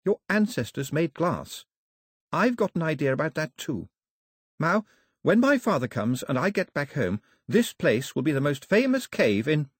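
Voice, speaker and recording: A man voicing an eager, clever young girl who explains things in earnest, well-spoken and quick to get excited. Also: a little high, breathy edge, no room sound, studio quality, pitched above the performer's own voice. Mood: eager explaining.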